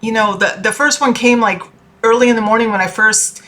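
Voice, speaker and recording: A tarot reader and life coach gives her viewers a chatty, earnest pep talk, her voice fairly high, steady, quick and bright. She sounds heartfelt, swears casually, and keeps checking in with "okay?"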